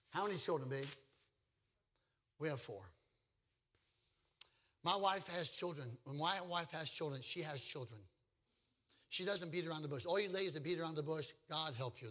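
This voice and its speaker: A man preaching a full-on sermon, his voice high, bright and forceful. He delivers it emphatically, shifting between stories and playful jokes aimed at the congregation.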